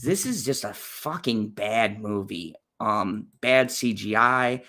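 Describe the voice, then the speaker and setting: A man's voice: lowish voice, animated, slow pace, bright, forceful tone. A man hosting a casual movie-review chat, ranting bluntly and profanely with frequent fillers and restarts. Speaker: channel host reviewing movies.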